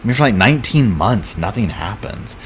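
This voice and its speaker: A man's voice: fairly low pitch, lively intonation, brisk, fairly bright tone, a little hiss or hum. A man hosting a live true crime chat, retelling a case casually with lots of fillers and acted-out quotes. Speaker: true crime channel host. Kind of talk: live chat recap of a docuseries.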